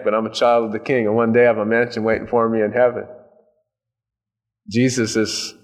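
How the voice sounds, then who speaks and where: A male pastor preaching a sermon in a conversational way, with folksy asides and touches of humor. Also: mid-range voice.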